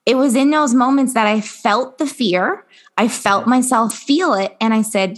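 A woman with a fairly high voice hosts a podcast conversation. She speaks earnestly and reflectively, walking through her own doubts and mistakes. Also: measured pace. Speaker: podcast host and women's coach. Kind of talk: conversational interview.

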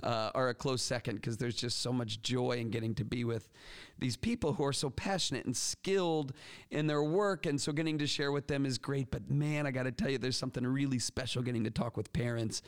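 A man hosting an education podcast, talking in an energetic, chatty way with frequent restarts. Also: mid-range voice, fairly quick, clean tone. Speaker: podcast host. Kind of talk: casual podcast talk.

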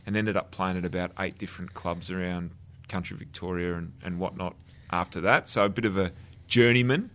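A man's voice: deep voice, steady tone, brisk, a bit bright, a little hiss or hum. An Australian man in his thirties, co-hosting a podcast and chatting in a self-deprecating, joking way. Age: 30s. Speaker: podcast co-host. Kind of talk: casual podcast chat.

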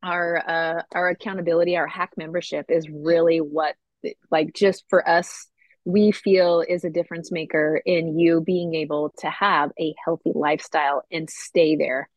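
A woman's voice: deep voice, flat delivery, normal speed, dry recording. A woman co-hosting a casual health podcast, upbeat and talking in loose run-on phrases. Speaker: podcast co-host.

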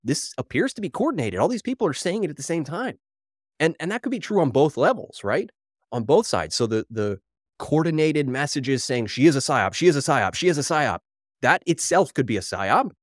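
A man's voice: a little high, normal speed, no room sound, studio quality. Wired, wry male podcast host. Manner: animated, wry, worked up, reading headlines aloud. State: slightly out of breath from caffeine. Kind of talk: solo podcast commentary.

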